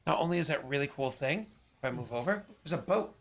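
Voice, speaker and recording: Streaming from his home basement, the game's runner keeps up a casual, playful chat. His voice is fairly high and animated, and he talks at a quick pace.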